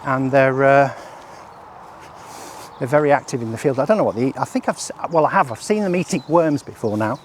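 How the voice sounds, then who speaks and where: A man's voice: mid-range voice, brisk, slight background noise. A man walking his rural property outdoors, talking casually and out of breath, rambling with fillers as he tests a product. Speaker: product developer presenting a range test.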